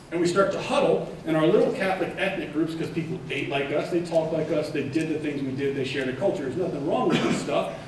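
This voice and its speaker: A man giving a keynote conference talk, animated, putting questions to the audience. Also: a little high, a little hiss or hum. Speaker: keynote speaker. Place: large conference hall. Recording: echoey hall from far off.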